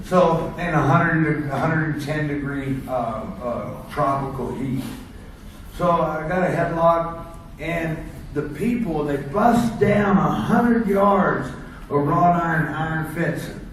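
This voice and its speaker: An American former wrestler holds court at a seminar, slowly telling road stories to an audience and chuckling at his own tales as he rambles. His male voice sits a touch high, heard from across an echoey room with a distant mic and faint hiss.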